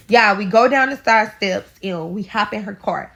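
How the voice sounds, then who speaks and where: A woman's voice: mid-range voice, moderate pace, creaky, a bit bright. A woman from St. Louis with a St. Louis accent, dramatically telling a personal story in a casual storytime and talking to her listeners as y'all. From St. Louis, USA. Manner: dramatic, addresses listeners as y'all, swears freely.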